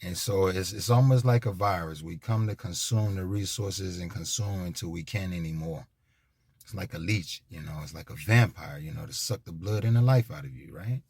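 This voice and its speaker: A man's voice: sits low, moderate pace, darkish tone, breathy edge, no room sound. A man giving an unscripted monologue, rambling and repetitive, with emphatic restarts and many fillers. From United States. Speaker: commentator.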